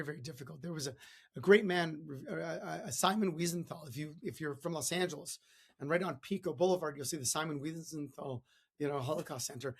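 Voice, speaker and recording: A man's voice: on the high side, breathy edge. A man hosting a podcast, giving a chatty motivational talk full of stories and asides. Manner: chatty, many fillers and restarts, storytelling. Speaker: podcast host.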